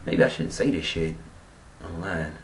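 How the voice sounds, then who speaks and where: Man vlogger, profane rambling storytelling, lively pitch, roomy echo, off-mic. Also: a little slow, far from the mic. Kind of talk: casual storytelling vlog.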